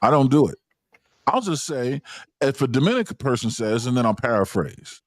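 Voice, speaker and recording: A man's voice: mid-range voice, sing-song, normal speed, no room sound, studio quality. A man hosting a livestream panel discussion, insistent and lecturing, often cutting others off.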